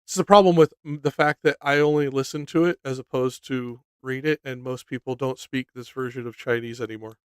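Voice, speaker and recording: Blunt, profane man with a smooth voice. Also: medium pitch, fairly even intonation, brisk, hardly any pauses, no echo. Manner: blunt and profane, laughs often. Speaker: co-host of a study stream. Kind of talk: casual discussion.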